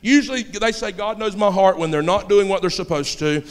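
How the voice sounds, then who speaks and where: A man preaching a sermon with folksy turns of phrase, swinging between shouting and hushed storytelling. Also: high-pitched, a little fast. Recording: long hall reverb.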